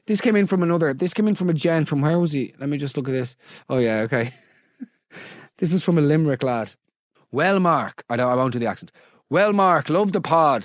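A man hosting a comedy podcast, reading out listener stories with incredulous, animated energy. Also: fairly high pitch, no room sound, studio quality. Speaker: podcast host.

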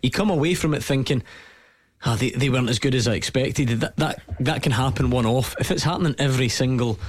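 A man's voice: medium pitch, fast talker, no room sound. A man doing play-by-play on a football broadcast, asking wry questions of his co-commentators.

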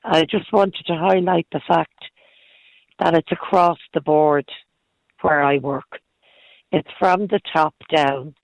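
A hoarse middle-aged woman calling in to a radio show, talking in halting, earnest bursts that repeat words. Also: low voice, fairly even intonation, dry recording, low-quality recording. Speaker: caller. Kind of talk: phone-in radio call.

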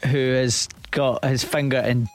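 A man's voice: mid-range voice, flat delivery, a little slow, soft background music. Playful male radio host. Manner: playful, teasing questions. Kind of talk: casual radio interview. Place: radio studio.

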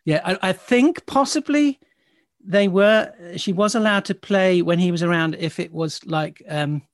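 Higher-voiced man hosting, thoughtful questions. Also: unhurried, dry recording, studio quality. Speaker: host. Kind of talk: interview conversation.

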